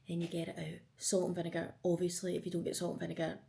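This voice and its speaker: A woman's voice: fairly low pitch, fairly even intonation, brisk, mellow. A Scottish woman in her twenties, chatting casually and emotionally as a vlogger, swearing freely. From Scotland. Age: 20s. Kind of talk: casual get-to-know-me chat.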